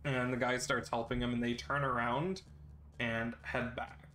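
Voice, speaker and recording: A man narrating a tabletop game as game master in a relaxed, steady way with frequent fillers. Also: medium pitch, unhurried, reverberant.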